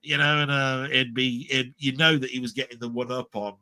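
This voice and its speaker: A man's voice: mid-range voice, brisk, no echo. A middle-aged Englishman, rambling in casual podcast chat about old comedy. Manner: rambling, animated impressions of comedians. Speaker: podcast co-host. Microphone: live stream mic.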